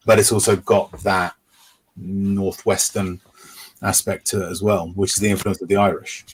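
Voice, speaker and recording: Man, husky voice, relaxed podcast guest, joking and chatty. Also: deep voice, fast talker, low-quality recording. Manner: chatty, jokes about doing accents. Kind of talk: casual chat.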